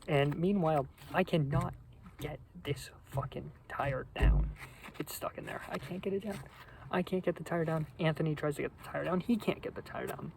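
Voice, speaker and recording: A young man telling a rambling, funny story in a casual, deadpan, profane way. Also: on the high side, slight background noise, poor audio. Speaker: vlogger.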